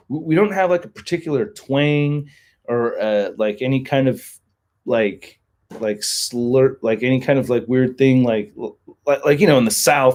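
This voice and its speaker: A man's voice: mid-range voice, darkish tone. A man from California with a Californian accent, hosting a casual livestream chat and rambling with lots of filler words. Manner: rambling, heavy use of "like" fillers. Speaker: livestream host.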